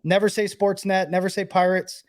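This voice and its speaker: A man with a notably high speaking voice talks casually on a sports podcast, loose and rambling. He was a player and now works in broadcasting, and he fills his sentences with "like". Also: flat delivery, moderate pace. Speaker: co-host, former player and broadcaster.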